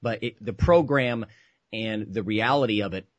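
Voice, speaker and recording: A man hosting a radio talk show, speaking in a measured, thoughtful way. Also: on the low side, dry recording. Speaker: host. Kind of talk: casual radio chat.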